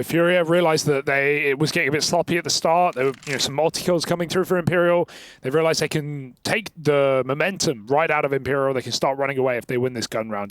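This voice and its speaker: Man, esports caster, slightly high voice, playful teasing banter. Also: a bit bright. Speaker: esports commentator. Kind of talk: live esports commentary.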